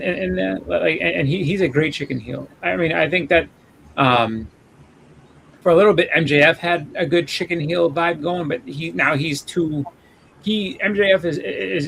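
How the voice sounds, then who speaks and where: Guy with a gravelly kinda high voice, rambling wrestling chat w/ lots of restarts, bit of noise behind. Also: a bit bright, poor audio. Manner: halting, many restarts and fillers. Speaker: podcast co-host.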